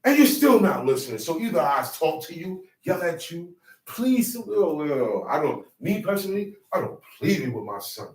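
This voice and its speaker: A man preaching with a high voice that rises and falls widely. He talks in an emphatic, streetwise way that draws answers from the room. He sounds distant, and the room echoes. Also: sing-song, normal speed. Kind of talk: sermon teaching.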